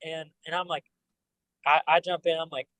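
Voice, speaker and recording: A man, a band member guest on a podcast, telling animated stories full of fillers. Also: fairly high pitch, moderate pace, dry recording, poor audio. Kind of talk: casual storytelling.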